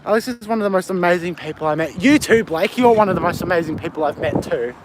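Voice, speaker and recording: A fairly high-pitched man with an Australian accent talks casually to his live chat while walking outdoors at night. He rambles, answers questions aloud and swears freely, recorded on a handheld phone. Faint street noise and passing traffic sit underneath. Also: quick pace. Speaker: livestreamer. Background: faint street and traffic ambience.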